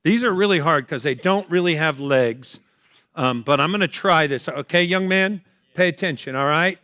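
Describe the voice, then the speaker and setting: Bright, punchy middle-aged male comic. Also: fairly high pitch, normal speed, no room sound. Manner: loud, teasing, punchy crowd work. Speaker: comedian performing at a fundraiser. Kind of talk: stand-up comedy with audience banter. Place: event hall, live on stage.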